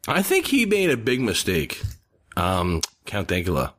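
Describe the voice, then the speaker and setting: A man's voice: on the low side, huge pitch swings, unhurried, fairly bright tone. A man co-hosting a podcast, chatting casually and rambling through his opinions. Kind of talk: casual chat.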